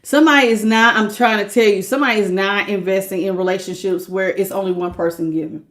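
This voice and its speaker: A woman's voice: medium pitch, fairly even intonation, fast talker, fairly bright tone. A woman giving a live tarot reading, talking casually to her viewers, laughing often and calling them baby. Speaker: tarot reader.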